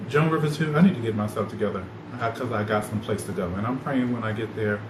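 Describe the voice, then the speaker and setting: A man hosting a podcast, rambling loosely in animated, slangy casual chat. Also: on the low side, normal speed. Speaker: podcast host. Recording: echoey room with loud ambient noise.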